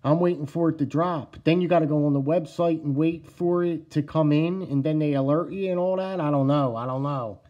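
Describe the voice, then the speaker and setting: A middle-aged man with a New Jersey accent chatting casually to camera about knife collecting, excitable and repetitive, calling his viewers "guys" and "yous.". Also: fairly high pitch, brisk, few pauses, lo-fi sound. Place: at home indoors.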